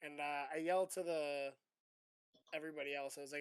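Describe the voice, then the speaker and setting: A man playing a tabletop role-playing game, animated and swearing freely. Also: a little high, moderate pace, clear, resonant tone, no room sound. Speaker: player. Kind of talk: casual tabletop game play.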